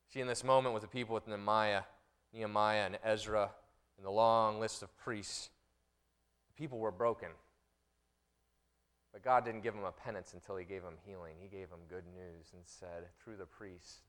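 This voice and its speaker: A middle-aged man preaching a sermon as pastor, swinging between loud impassioned passages and quiet, intimate ones. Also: on the low side, fairly even intonation, normal speed.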